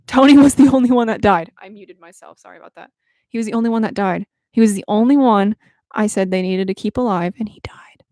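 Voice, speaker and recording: A young adult woman who is a YouTuber, chatting casually and emotionally on a live stream in a rambling way. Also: medium pitch. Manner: emotional, rambling fan talk.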